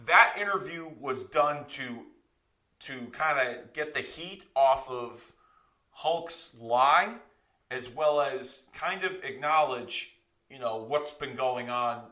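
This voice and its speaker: Man, podcast co-host, bright forceful voice, rambling casual commentary. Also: mid-range voice. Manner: rambling, profane, self-correcting.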